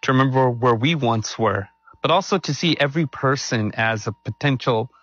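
Man, host, pastoral and affirming, husky voice, dull lo-fi sound. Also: medium pitch, moderate pace, fairly bright tone, dry recording. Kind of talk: church event hosting.

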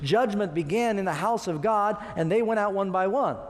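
A man's voice: high voice, moderate pace. A man preaching a sermon, emphatic and putting questions to his congregation. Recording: long reverb of a large hall.

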